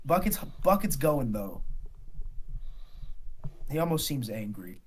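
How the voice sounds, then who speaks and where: A man's voice: mid-range voice, very animated, takes it slowly, slight background noise. A man running a tabletop game as dungeon master, narrating loosely with laughter and swearing, and putting on character voices. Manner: loose, swearing, laughs often, slips into a rough drunk voice.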